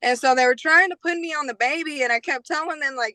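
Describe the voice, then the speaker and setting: A woman's voice: high-pitched, quick pace, few pauses, pushed and bright, dry recording, rough recording. A woman in her twenties, a podcast guest, tells a personal story in a casual, slangy way, acting out other people's lines.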